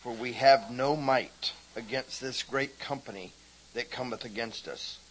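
A man in the congregation reading Bible verses aloud in a measured, solemn way. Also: medium pitch, slight background noise, low-quality recording. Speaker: congregation member reading scripture. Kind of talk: scripture reading.

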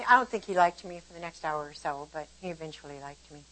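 An older woman giving a casual devotional Bible teaching, conversational and animated as she explains verses and tells stories from her own life. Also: low-pitched, fast talker, low-quality recording. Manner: conversational and animated, shifting between warm explanation and lively retelling.

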